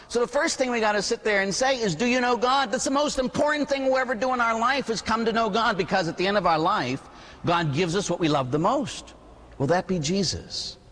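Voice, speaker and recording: A middle-aged man, a priest, preaching a sermon with animated storytelling and mimicked voices. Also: sits high, long reverb tail.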